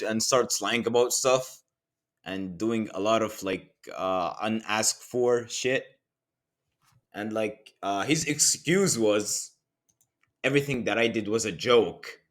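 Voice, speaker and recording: A young man narrates a storytime vlog in an animated, mocking tone full of slang. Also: on the low side. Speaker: channel host.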